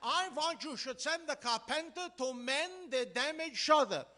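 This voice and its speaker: A man's voice: extremely high pitch, lively intonation, normal speed, pushed and bright, voice pushed up, exaggerated voice. A man playing a flustered immigrant businessman on the telephone, in a stage Yiddish dialect, exasperated and repeating himself as he mixes up his words in a vaudeville comedy sketch.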